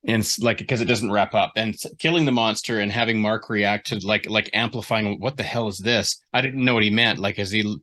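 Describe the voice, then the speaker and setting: A man's voice: fairly low pitch, fairly even intonation, fairly quick, hardly any pauses, pushed and bright. A man giving a writer feedback on a story chapter in a casual call, rambling and restarting his sentences as he thinks aloud. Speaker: writing mentor giving feedback. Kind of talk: casual critique session.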